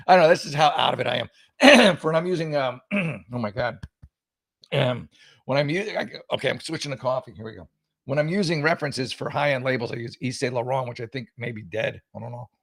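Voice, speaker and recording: A man's voice: medium pitch, brisk, gravelly, fairly bright tone, no echo, clean studio sound. A male talk show host giving casual political commentary in a sarcastic, mocking, rambling way with many restarts.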